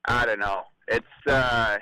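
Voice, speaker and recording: A man's voice: medium pitch, fairly even intonation, slow, bright, forceful tone, clean tone, no room sound, low-quality recording. A man calling into a sports radio show, easygoing and rambling. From Milwaukee area. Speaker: caller. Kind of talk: call-in chat.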